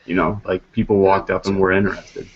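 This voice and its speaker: A man chatting casually as a co-host, earnest and quick, over an online call. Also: low voice, level tone. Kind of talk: casual chat. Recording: dull lo-fi call audio with faint noise.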